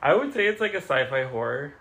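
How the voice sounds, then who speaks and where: Gravelly man chatting hesitantly on a podcast. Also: a little high, very animated, a little fast, pushed and bright, slight background noise. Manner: hesitant, lots of fillers. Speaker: podcast co-host. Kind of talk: casual chat.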